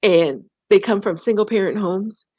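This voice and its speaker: A woman from the United States telling her story in an interview, animated, acting out quoted voices and fighting back tears. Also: medium pitch, normal speed, dry recording. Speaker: guest, nonprofit founder.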